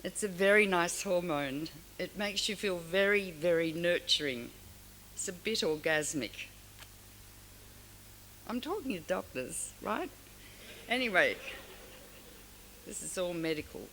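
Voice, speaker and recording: A woman's voice: lowish voice, measured pace, long pauses. An older woman from Australia giving a frank, storytelling award speech to an audience. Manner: frank, storytelling, animated asides. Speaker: award speaker. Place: large hall. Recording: long hall reverb, faint hiss.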